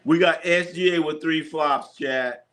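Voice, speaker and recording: Fairly high-pitched and fairly bright, this man speaks without hurry as he streams a basketball watch party. Plays get called casually, chat questions get read, viewers get teased, and he repeats himself a lot.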